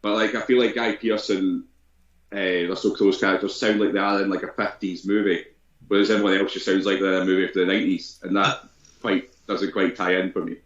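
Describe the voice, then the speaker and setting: A man's voice: low voice, flat delivery, a little fast. A man giving a blunt, rambling film review on a casual podcast, full of swearing and restarts. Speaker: podcast co-host. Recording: roomy, dull lo-fi sound.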